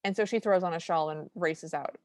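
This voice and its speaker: On a dry recording with no room sound, a woman with a lowish, darkish voice talks a little fast as she co-hosts a podcast. Casual and enthusiastic, she recaps a movie scene by scene, acting out the lines.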